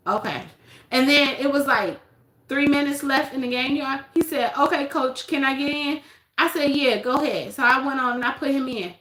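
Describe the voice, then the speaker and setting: A woman hosting a casual livestream, telling stories with animated acted-out quotes; she coaches youth basketball. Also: sits high, normal speed, reverberant, a little hiss or hum. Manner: animated storytelling, acts out quotes. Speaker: livestream host.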